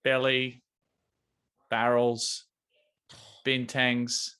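A man's voice: medium pitch, monotone, extremely slow, pushed and bright, smooth. A man co-hosting a podcast, joking and rambling through stories in casual chat. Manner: jokey, rambling storyteller. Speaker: podcast co-host.

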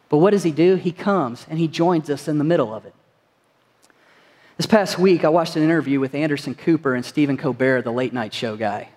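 Pastor, male, high tenor, earnest sermon delivery, echoing church hall. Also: a little mellow. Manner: earnest, rhetorical questions to the congregation. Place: church sanctuary.

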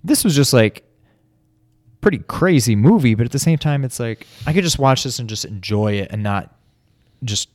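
A man's voice: medium pitch, animated, normal speed, darkish tone, no echo, clean studio sound. A man co-hosting a casual podcast chat, hesitant and full of restarts as he works out his thoughts. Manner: hesitant, lots of fillers and restarts. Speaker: podcast co-host. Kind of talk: casual chat about movies.

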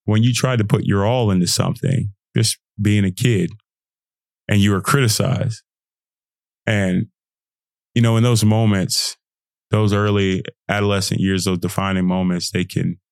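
Man hosting motivational podcast, low voice, dry close sound, slangy, animated, laughs a lot. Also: unhurried, gravelly, pauses often, no room sound. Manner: animated, swings into high mocking voices when quoting; casual slangy talk, laughs often. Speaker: podcast host. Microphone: podcast setup.

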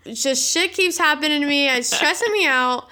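A woman's voice: sits high, normal speed, bright, forceful tone. A tired young woman co-hosting a podcast, easygoing and chatty, swearing casually. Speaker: podcast co-host. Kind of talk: casual chat.

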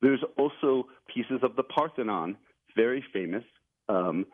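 A man's voice: mid-range voice, lively intonation, a little slow. Man on a tinny phone line. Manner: eager storyteller, chuckles now and then. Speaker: author and journalist guest. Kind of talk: radio interview.

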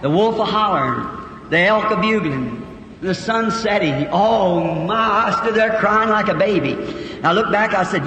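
A man preaching, telling a folksy rural story that swings from hushed tones to shouting. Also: sits high, expressive, unhurried. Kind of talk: sermon storytelling. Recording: echoey hall with faint background hiss.

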